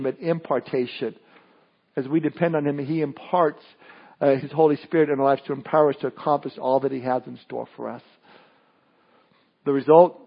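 Man, pastor, sermon, fairly high voice, chatty with restarts, muffled recording. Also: creaky, slightly rough. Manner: conversational preaching with frequent restarts and asides.

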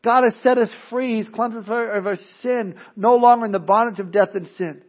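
A man preaching a sermon as a pastor, animated, acting out voices and often repeating words as he starts a thought. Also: high voice, brisk. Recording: dull lo-fi sound.

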